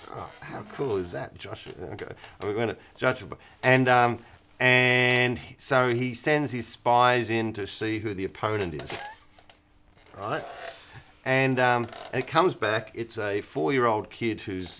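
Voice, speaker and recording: A man's voice: medium pitch, unhurried, sharp tone, a little hiss or hum. A man teaching the Bible in a casual chat. He laughs often and acts out the voices of the people he quotes.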